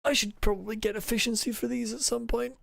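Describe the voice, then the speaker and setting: A man's voice: very high-pitched, little pitch movement, quick pace, gravelly, fairly bright tone, dry recording. A man streaming a video game, muttering his plans to himself, swearing freely and answering chat. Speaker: let's play streamer. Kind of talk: casual live gaming chat.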